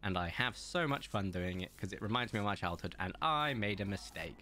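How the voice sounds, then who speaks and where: A man's voice: fairly low pitch, expressive, a little fast, pushed and bright, a little hiss or hum. A man, hosting community games on a live stream and chatting casually in a rambling, anecdotal way. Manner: rambling and anecdotal, with many fillers.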